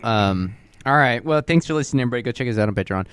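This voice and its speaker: Animated rambling podcast host, man. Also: mid-range voice, rapid-fire, smooth. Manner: rambling, self-mocking, swears freely. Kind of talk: casual chat.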